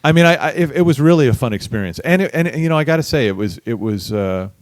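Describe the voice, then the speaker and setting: A middle-aged man, a bass musician, telling a lively story in a casual interview, acting out the people he quotes. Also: quick pace, slight background noise. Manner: animated storyteller, acts out quoted voices. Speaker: guest musician.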